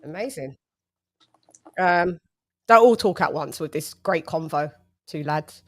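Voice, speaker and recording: A woman's voice: sits low, animated, unhurried. A woman hosting a casual livestream chat, playful, with sing-song hype introductions. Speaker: host.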